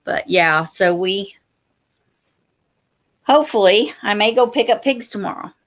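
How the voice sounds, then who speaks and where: A woman's voice: mid-range voice, animated, measured pace, muffled recording. A woman co-hosting a homestead livestream, chatting casually and enthusiastically with lots of yeahs. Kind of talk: casual live-stream chat.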